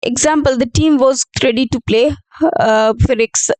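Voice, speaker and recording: A woman's voice: high-pitched, moderate pace, darkish tone, no echo, poor audio. A woman teaching an English grammar lesson, reading out example sentences and explaining them with fillers and self-corrections.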